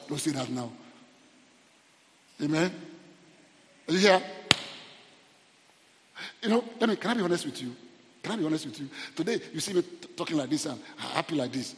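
A middle-aged Nigerian man preaching a humorous, animated sermon, often repeating his words. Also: fairly high pitch, moderate pace, long pauses. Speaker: pastor. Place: church hall. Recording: long church reverb.

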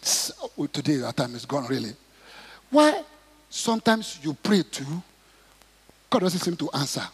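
A middle-aged man preaching a sermon, acting out prayers and Bible stories and rising to shouts. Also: a little high, big pitch swings, unhurried, long pauses, husky. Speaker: pastor. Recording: long hall reverb.

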